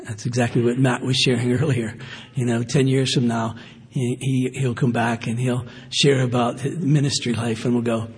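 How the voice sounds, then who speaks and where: A man's voice: medium pitch, normal speed, a little mellow, slightly rough. A man preaching a sermon in a conversational, earnest way, with fillers and asides. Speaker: pastor. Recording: long hall reverb.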